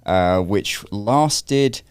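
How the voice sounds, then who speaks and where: A man's voice: on the low side, expressive, drawn-out words, clean tone, no room sound. A man in his fifties with a London accent, a guest on an interview podcast telling chatty stories with wry asides. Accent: London English. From London, England. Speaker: guest, real estate broker. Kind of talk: casual interview chat.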